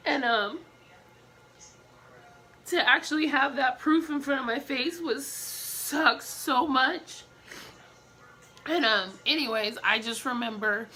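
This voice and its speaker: A young woman tells a personal story in a candid storytime vlog, pausing often on fillers. Her voice sits a little high and sounds bright. She takes her time over each thought. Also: a little hiss or hum. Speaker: vlogger telling a personal story.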